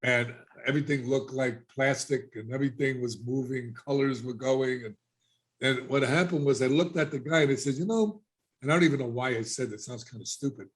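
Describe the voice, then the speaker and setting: A man's voice: mid-range voice, steady tone, brisk. A middle-aged man telling his life story as a podcast guest, casually and animatedly, acting out the voices of people he quotes.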